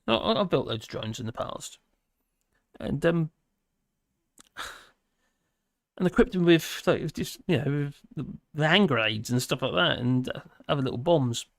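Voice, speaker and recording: A man's voice: a little high, animated, moderate pace, gravelly, long pauses, dry recording, clean studio sound. A man hosting a casual livestream, reading viewer comments aloud and rambling with many fillers and restarts. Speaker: livestream host.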